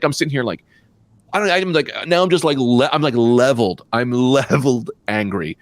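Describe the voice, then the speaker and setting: A man co-hosting a comedy podcast, telling stories in a fast, profane, animated rant. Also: no room sound. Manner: animated, profane, quick rants with pitch jumps. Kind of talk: casual storytelling chat.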